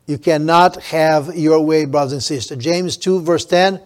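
Emphatic male preacher, slightly high voice. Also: fairly even intonation. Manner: emphatic, drawn-out stresses, frequent restarts. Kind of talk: sermon.

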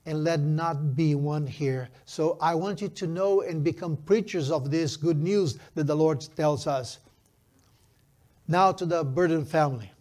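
Preaching a sermon that features a grandchild in the story, a man in his fifties speaks emphatically and slows on the phrases that matter. His voice is a little high with a darkish tone, and his phrasing sounds slightly non-native.

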